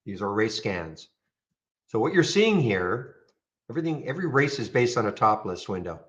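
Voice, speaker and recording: Man explaining trading software, dull audio. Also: on the low side, big pitch swings, normal speed. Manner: rambling, frequent restarts and "okay?" check-ins. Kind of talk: casual screen-share tutorial.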